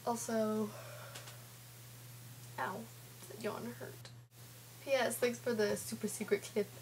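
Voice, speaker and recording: A woman's voice: a little high, steady tone, takes it slowly, darkish tone, a little hiss or hum. A teenage girl, chatting sarcastically in a home vlog with a sore throat. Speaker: vlogger. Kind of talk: casual vlog chat, retelling a comic.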